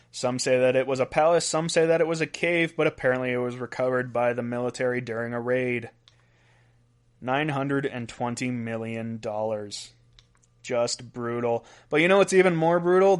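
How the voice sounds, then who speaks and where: A man hosting a solo weird-news podcast, counting down a list and laughing at his own asides. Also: medium pitch. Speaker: podcast host.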